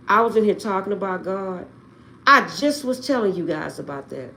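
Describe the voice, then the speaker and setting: A woman ranting on a livestream, close to tears and swinging between outbursts and quiet prayers. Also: medium pitch, animated, normal speed, vocal fry, a little hiss or hum. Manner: agitated, swings between shouting and tearful prayer. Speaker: livestream host. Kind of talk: emotional livestream rant.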